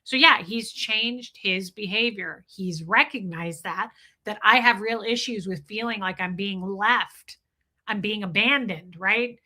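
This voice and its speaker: A woman's voice: medium pitch, unhurried. Blunt, swearing woman livestreamer. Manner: candid and blunt, swears freely, animated. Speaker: livestream host. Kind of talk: casual livestream chat answering viewers.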